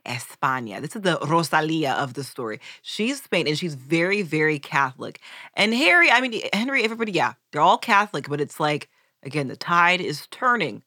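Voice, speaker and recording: A woman co-hosting a history podcast, telling the story in casual chat, profane and animated, acting out quotes. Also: low-pitched, a little fast, dry recording, clean studio sound. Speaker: podcast co-host.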